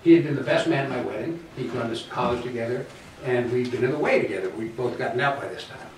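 A man's voice: medium pitch, fast, very echoey, far from the mic, a little hiss or hum. A middle-aged man performing a one-man storytelling show on stage, easygoing, folksy and conversational. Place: theater stage.

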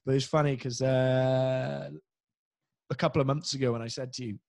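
A man's voice: medium pitch, level tone, moderate pace, vocal fry, a little mellow, no echo. Swearing, self-mocking young Welsh man. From Wales. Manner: swearing, self-deprecating storyteller. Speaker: guest impressionist. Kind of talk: casual podcast chat.

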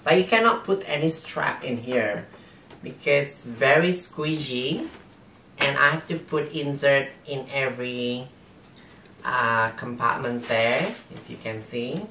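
A man with a non-native English accent, talking through an unboxing haul as a vlogger in halting, hesitant English full of fillers. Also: mid-range voice, pushed and bright. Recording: roomy echo, distant mic, faint noise.

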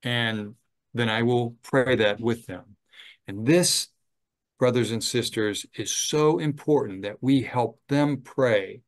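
Gentle, deliberate male chaplain. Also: medium pitch. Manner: slow, gentle and deliberate, with fillers. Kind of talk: training talk on ministry.

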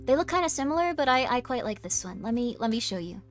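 A woman streamer rambles cheerfully to her live chat in a slightly high voice, giggling and making fun of herself between filler words. She speaks into a desk microphone. Faint music plays underneath. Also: big pitch swings, quick pace. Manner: bubbly, giggly and self-deprecating, lots of "like". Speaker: VTuber streamer. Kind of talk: casual live-stream chat reading chat messages.

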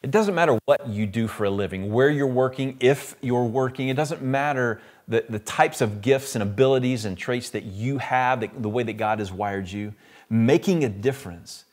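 A man's voice: lowish voice, a little mellow. Man preaching an earnest sermon. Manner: earnest and reflective, asking questions. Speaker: pastor.

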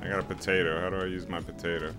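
A man's voice: sits low, level tone, rapid-fire. A man joking and laughing through co-op gaming commentary, with music behind. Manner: jokey, laughs often. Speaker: co-op gamer. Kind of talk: let's play commentary. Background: background music.

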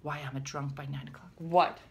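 A low, darkish voice holds a steady tone as a middle-aged comedian rants to camera at a fairly quick clip. She gasps and exclaims in exasperation during the casual comic vlog, filmed in her bedroom at home.

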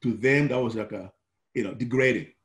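An older man recounts his years as a coach in a recorded interview. He tells it with animation, acting out the lines of the people he remembers. His voice sits at an ordinary middle pitch. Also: fairly quick. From Malawi. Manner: animated, acts out quoted dialogue. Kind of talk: oral history storytelling.

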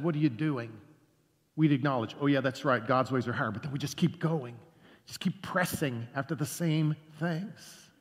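A man preaching a sermon as a pastor, earnest, slowing down and dropping soft on key phrases. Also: medium pitch. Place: church sanctuary. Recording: long church reverb.

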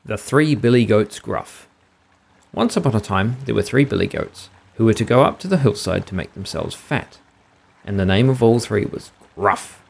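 Kiwi dad reading a story, low husky voice, gentle pace. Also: male voice, animated, normal speed. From New Zealand. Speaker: podcast host reading stories. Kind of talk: bedtime-style story reading.

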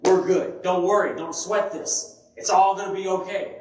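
This pastor's voice sits high and moves at a moderate pace as he delivers an animated sermon, voicing the people in his stories. The church hall sounds very echoey, picked up from far away.

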